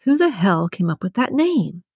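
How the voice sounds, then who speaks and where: A woman's voice: medium pitch, sing-song, moderate pace, a little mellow, husky, dry recording, studio quality. A woman voicing a cocky, nosy male coworker who wisecracks and teases in an audiobook. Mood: teasing. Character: cocky, teasing male employee. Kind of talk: audiobook character reading.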